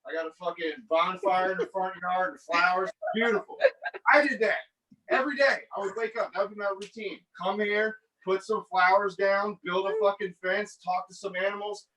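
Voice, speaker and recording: A man's voice: sits high, fairly even intonation, moderate pace, bright, forceful tone, distant mic, poor audio. A male stand-up comic telling a rambling, profane, self-mocking story during an online stream set, on a headset mic.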